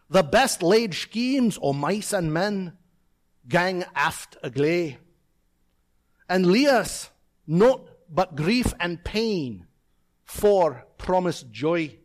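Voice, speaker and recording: Guy doing a rueful scots farmer-poet reading old verse, slow and heavy, scottish accent laid on, lowish voice. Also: full character voice. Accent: put-on Scottish. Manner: slow, measured verse recitation.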